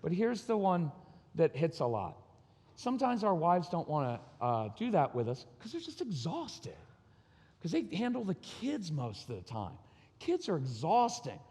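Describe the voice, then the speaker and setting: A man's voice: on the high side, huge pitch swings, measured pace, mellow, husky. A man giving a candid, personal talk at a conference, acting out bits of dialogue as he tells his stories. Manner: candid, acts out quoted dialogue. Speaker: conference speaker on parenting and marriage. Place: conference hall. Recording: long reverb of a large hall.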